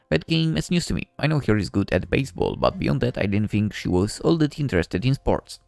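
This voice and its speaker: Man with a lively, wry reading voice. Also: medium pitch, a little fast, gravelly, few pauses, no echo, soft background music. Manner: wry, lively narration with asides. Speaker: game let's-play narrator. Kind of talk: reading a visual novel aloud.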